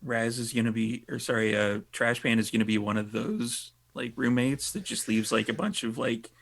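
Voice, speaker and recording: A man's voice: medium pitch, normal speed, gravelly, a bit bright. A man acting as game master and narrating a tabletop game in a dry, offhand way.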